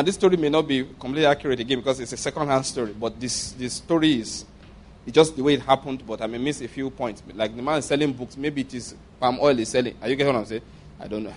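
Nigerian pastor, high-pitched male voice, animated storyteller, acts out characters in a sermon. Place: church.

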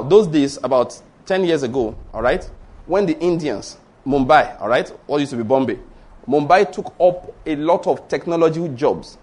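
A middle-aged Nigerian pastor with a Yoruba accent delivers a sermon. His voice sits fairly high for a man. He tells stories with animation, acts out dialogue and throws rhetorical questions at his listeners. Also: darkish tone.

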